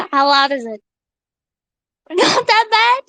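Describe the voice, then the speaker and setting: A young woman live streamer chatting casually with her viewers, excitable and giggly, swearing freely. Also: very high-pitched, no room sound, rough recording.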